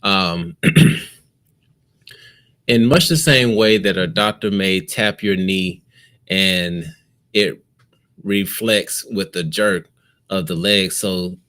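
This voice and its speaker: A man co-hosts a casual talk show and reads passages aloud in a slow, measured way, stopping to comment. His voice sits fairly low, and he takes his time. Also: sharp tone. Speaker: podcast co-host. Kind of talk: casual chat, reading aloud.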